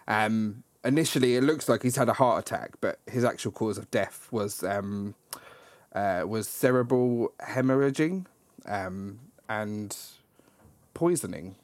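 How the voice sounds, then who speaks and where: A man's voice: fairly low pitch, measured pace, no room sound. Chatty man hosting a film podcast. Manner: rambling, laughs often, many ums. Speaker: podcast host. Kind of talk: casual chat about a film.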